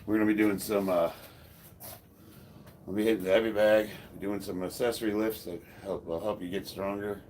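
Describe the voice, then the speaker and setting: A man over fifty, a powerlifter, chatting casually on a live stream and reading viewer comments aloud in a relaxed way. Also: fairly low pitch, moderate pace, slight background noise. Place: home gym, indoors.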